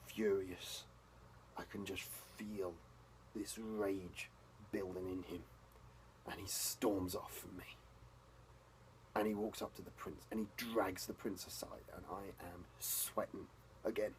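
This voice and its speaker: A man speaking an in-character role-play journal as a vampire, intense and profane, often dropping to a hushed whisper. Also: lowish voice, fairly even intonation, measured pace, long pauses, a little hiss or hum, rough recording. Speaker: tabletop role-player.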